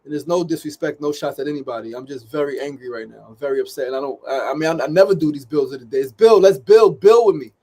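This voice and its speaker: A man's voice: mid-range voice, very fast, hardly any pauses, a little mellow, breathy edge. A man hosting a daily live show, talking in an urgent, pleading way to his viewers, swearing often and repeating phrases for emphasis. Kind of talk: impassioned livestream monologue. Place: studio.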